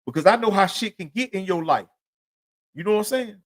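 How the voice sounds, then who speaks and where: Here a man runs his podcast solo, his high voice animated and slightly quick. The monologue rambles through profane street stories in relaxed slang, with "you know what I'm saying" coming up again and again.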